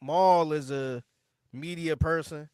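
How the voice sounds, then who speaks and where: A man with a fairly high voice rambles through a casual podcast chat, full of slang, swearing and restarted sentences. The recording is close and dry. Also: steady tone, slow pace, a little mellow, smooth, dry recording. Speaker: podcast co-host. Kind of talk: casual chat about music.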